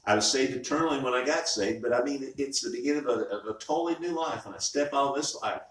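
Speaking quickly in a mid-range voice, a pastor gives a conversational sermon in a church sanctuary and often restarts his words. The sound comes from a far-off mic in the echoey church.

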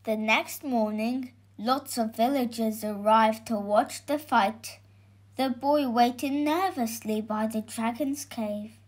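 A woman narrating a children's storybook, slow and clear. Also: on the high side.

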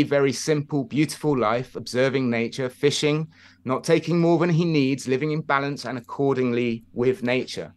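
A man hosts a relaxed conversation and tells parable-like stories at a mid pitch. He rambles and restarts often, but the talk stays reflective and steady. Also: clear, resonant tone. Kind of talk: casual chat, storytelling.

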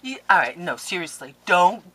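Gushing, excitable woman with a low voice. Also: normal speed, background noise. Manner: gushing, excitable, breaks into laughs and whispers. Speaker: scrapbooking vlogger. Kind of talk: casual chat opening mail on camera.

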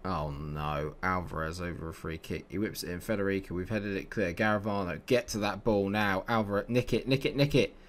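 Man, lowish voice, game commentary, mutters then shouts. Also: fairly quick, few pauses. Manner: animated, swings from low muttering to loud excited shouting. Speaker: video game player. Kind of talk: live commentary over a football management game.

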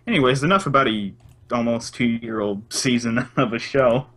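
A young man co-hosting a podcast in casual chat, cracking crude deadpan jokes. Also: mid-range voice, normal speed. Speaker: podcast co-host.

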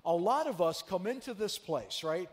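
A man preaching a sermon as pastor, telling a story in a chatty, animated way and teasing his congregation. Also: high voice, moderate pace, in a large hall. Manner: conversational, animated storyteller who teases the congregation. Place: church sanctuary.

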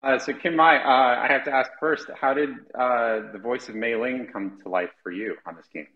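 A man's voice: medium pitch, steady tone, normal speed, phone-quality sound. A man hosting a panel, asking guests questions in a chatty way with lots of fillers. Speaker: panel host. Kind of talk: casual panel interview.

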